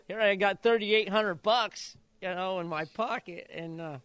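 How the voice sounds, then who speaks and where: Brief: man in his sixties from Idaho, ex-jockey storyteller, slightly high voice, lively, dry close sound. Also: a little slow, clean tone, no echo. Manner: lively anecdotal, acts out quotes. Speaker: retired jockey. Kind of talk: storytelling in an interview.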